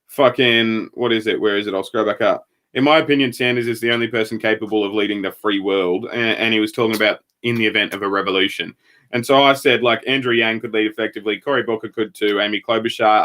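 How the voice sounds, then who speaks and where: A man on a casual livestream, talking fast and swearing as he retells an online argument. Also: fairly low pitch, bright, forceful tone. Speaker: streamer co-host.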